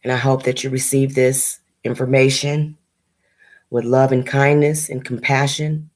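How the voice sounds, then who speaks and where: A woman speaking as a spiritual medium in a heartfelt video message, earnest and halting, holding back tears. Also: rumbling low, flat delivery, a little mellow. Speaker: spiritual medium addressing viewers.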